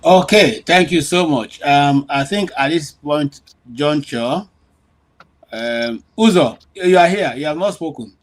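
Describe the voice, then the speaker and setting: Calm man moderating, fairly high voice. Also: slow. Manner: calm and organizing, with hesitant fillers. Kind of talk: moderating an online discussion.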